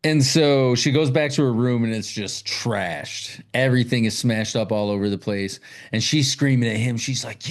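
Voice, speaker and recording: A man's voice: medium pitch, normal speed. A man co-hosting a podcast, casually recapping a horror movie with lots of swearing and acted-out quotes. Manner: profane, animated retelling with quoted voices. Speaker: podcast co-host.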